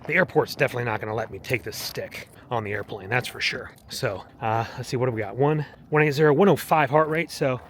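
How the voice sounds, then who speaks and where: An earnest man rambles and preaches as he walks a mountain trail, his voice at an ordinary middle pitch. Faint outdoor ambience sits behind him. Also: a bit bright, slight background noise. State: walking, heart rate up. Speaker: vlogger. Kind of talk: casual walking vlog testimony.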